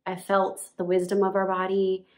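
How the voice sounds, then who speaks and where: A woman's voice: mid-range voice, monotone, moderate pace. A woman casually telling her birth story while nursing her baby at home, chatty and full of "like" and laughs. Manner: chatty, lots of "like", laughs often.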